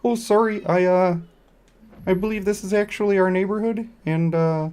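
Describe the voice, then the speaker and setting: A man voicing an overly polite, apologetic neighbor with a Canadian accent, hesitant and soft-spoken. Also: sits high, fairly even intonation, moderate pace, clear, resonant tone, pitched above the performer's own voice, lightly acted.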